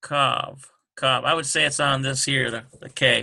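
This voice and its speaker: Slow gravelly guy running a casual vocab lesson, kinda bright edgy tone, lots of ums. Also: mid-range voice, steady tone. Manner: unhurried, thinking aloud with many fillers. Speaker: Hebrew teacher. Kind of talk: informal language lesson.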